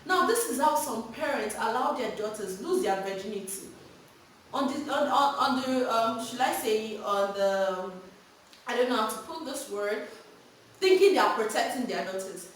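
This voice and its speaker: A woman gives frank parenting advice in an animated storytelling vlog. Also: a little high, moderate pace, slight background noise. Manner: animated, frank, laughs while telling stories. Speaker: vlogger giving parenting advice. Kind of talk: candid storytelling and advice monologue. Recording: very echoey room, mic at a distance.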